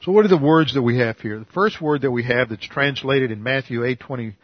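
A pastor delivers an earnest teaching sermon in a slightly husky, mid-pitched male voice, leaning on key words by slowing right down. The recording is dull and lo-fi, with a dry, close sound. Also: no room sound. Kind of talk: expository sermon.

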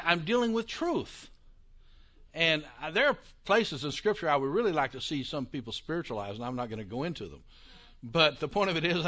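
Bright-voiced male Bible lecturer. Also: on the high side. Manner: conversational and emphatic, with quick asides. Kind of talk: classroom lecture on Bible interpretation.

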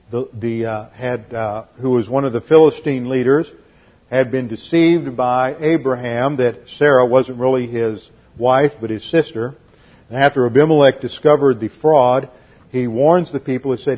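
A man's voice: on the high side, husky. A man teaching the Bible in a pastor's lecture, emphatic and didactic, hammering each point home. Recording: dull lo-fi recording.

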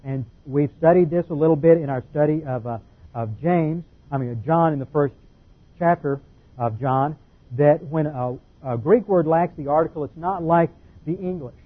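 Husky-voiced man teaching scripture, tinny sound. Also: fairly high pitch, normal speed. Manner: explanatory, methodical, emphasizing key words. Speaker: Bible teacher. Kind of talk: expository Bible teaching.

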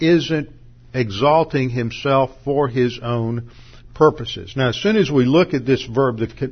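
A man's voice: mid-range voice, slightly rough, lo-fi sound. A man teaching from the Bible, working methodically through Greek verb grammar, with small restarts along the way. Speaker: pastor.

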